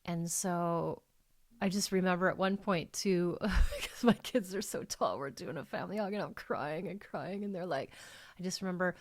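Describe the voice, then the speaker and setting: A middle-aged woman hosts her own coaching podcast in a heartfelt, emotional monologue that rambles with plenty of "like"s. Her voice sits on the low side for a woman. The sound is dry and close, with no room around it. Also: moderate pace, no room sound. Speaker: life coach and podcast host.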